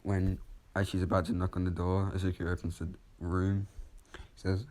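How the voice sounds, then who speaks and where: A man's voice: deep voice, flat delivery, moderate pace, a little mellow. A man telling a fan story off the cuff, rambling casually and correcting himself as he goes.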